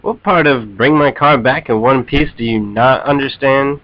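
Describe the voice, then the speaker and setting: A man dubbing a movie clip as a furious man scolding a friend who wrecked his car, shouting indignantly. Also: medium pitch, moderate pace, no room sound, dull audio, lightly acted. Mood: shouting angrily. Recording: hissy recording from far off.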